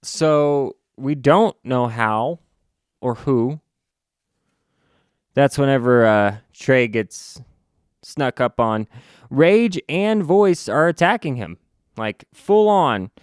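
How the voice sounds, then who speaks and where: A man reviewing a comic book in a casual recap, halting and restarting, with sarcastic asides. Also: medium pitch, expressive, clear, resonant tone, dry recording, clean studio sound.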